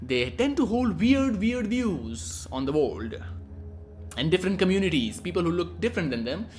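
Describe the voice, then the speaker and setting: A man's voice: sits high, very animated, normal speed, a little mellow, soft background music. Rambling profane young man. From India. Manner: rambling, profane, cheeky, restarts often. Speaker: vlogger. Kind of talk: casual rambling monologue.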